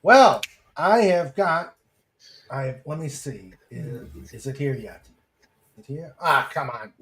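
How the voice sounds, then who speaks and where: Slow, easygoing podcast host. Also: mid-range voice, expressive. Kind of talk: casual chat.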